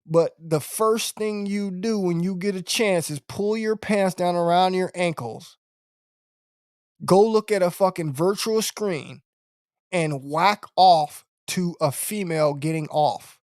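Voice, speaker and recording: A man's voice: high voice, takes it slowly, darkish tone, no room sound, clean studio sound. A man hosting a live-stream podcast, talking bluntly and preachily, with lots of swearing and repeated tag questions. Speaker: podcast host.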